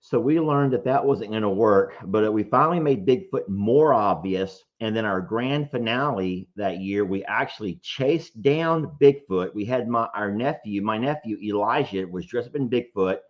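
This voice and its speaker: A man hosting a casual live show, telling stories in an animated way, often laughing. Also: lowish voice, moderate pace, few pauses. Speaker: host. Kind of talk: casual livestream chat. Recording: dull lo-fi stream audio.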